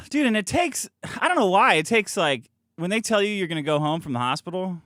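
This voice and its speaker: High, lively man telling a profane story. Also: a little fast, no echo, clean studio sound. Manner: animated, profane, acts out quotes from his story. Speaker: podcast host. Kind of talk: casual storytelling.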